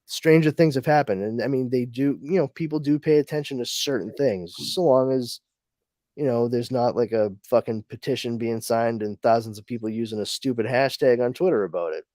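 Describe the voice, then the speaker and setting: A mid-range male voice, fairly quick and a little mellow, in clean studio sound with no room sound. He's a podcast host on a casual chat, reading listener comments and rambling, with frequent restarts and fillers.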